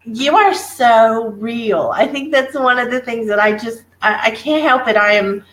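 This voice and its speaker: A woman's voice: fairly high pitch, measured pace, fairly bright tone, low-quality recording. A woman interviewing a guest, encouraging and gushing, laughing along as she talks. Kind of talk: warm conversational interview.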